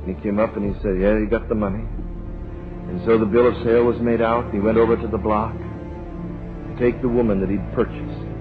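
A man preaching a sermon, telling a story slowly and dramatically. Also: on the low side, fairly even intonation. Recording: lo-fi old sermon recording with music.

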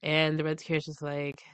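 A woman's voice: deep voice, smooth, no echo. A woman in her thirties co-hosting a podcast, animatedly retelling a story with quoted dialogue and frequent laughs. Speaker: podcast co-host. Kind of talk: casual chat, storytelling.

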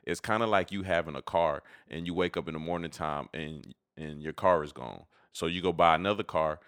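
Very deep, dry-sounding man telling stories. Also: brisk, a bit bright, dry recording. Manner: laid-back anecdotal storytelling, slangy. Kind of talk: casual chat.

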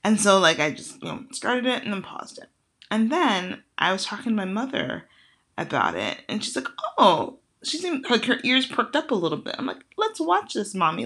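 Lively young woman with a low voice. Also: breathy edge. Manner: animated storyteller who acts out quotes. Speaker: podcast host. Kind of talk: casual monologue.

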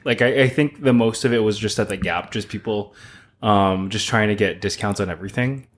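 A man's voice: on the low side, a little fast. Young guy telling stories. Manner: laughing storyteller, swears freely. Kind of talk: casual chat.

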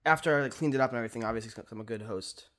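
A man's voice: mid-range voice, rapid-fire, a bit bright. A young man in his twenties, a podcast co-host, telling a rambling story in casual chat, full of fillers.

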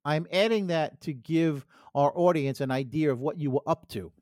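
Middle-aged guy cohosting a podcast, kinda high voice, rambly, dry mic. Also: normal speed, darkish tone, no room sound. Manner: rambling, restarts, laughing asides. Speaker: podcast co-host. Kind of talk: casual storytelling chat.

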